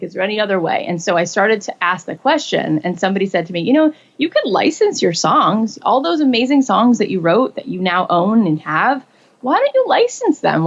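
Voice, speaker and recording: A woman in her forties tells her story in a relaxed interview, her mid-pitched voice carrying a gravelly fry at the ends of phrases. She animates her tale by leaping up in pitch whenever she quotes someone. The recording sounds a little dull and lo-fi. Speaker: guest.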